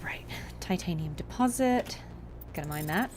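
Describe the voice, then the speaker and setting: A woman's voice: on the low side, lively intonation, normal speed, background noise. A woman voice actor chatting through a game with lots of fillers and rambling asides. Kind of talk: casual let's-play commentary. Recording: game sounds under the voice.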